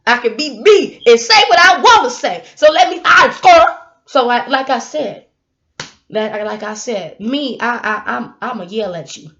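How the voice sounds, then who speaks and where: A young woman, giving a casual motivational talk to her camera, animated and laughing, with sudden loud bursts. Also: on the high side, a little slow. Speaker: YouTube vlogger. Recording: dull lo-fi sound.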